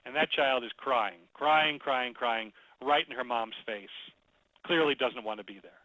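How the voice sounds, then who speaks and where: A man presenting a storytelling webinar in a conversational, animated way, telling a story as he teaches. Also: medium pitch, measured pace, no room sound, poor audio. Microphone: computer mic, webinar audio.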